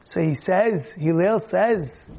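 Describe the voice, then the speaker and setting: A man teaching a Torah lesson in a lively way, questioning his listeners and acting out stories. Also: sits high, slow pace, vocal fry, breathy edge. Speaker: religious teacher.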